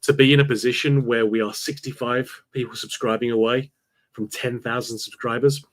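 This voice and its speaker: Man, co-host, mid-pitched, opinionated casual podcast chat. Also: steady tone, brisk. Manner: earnest, opinionated, frustrated about the manager.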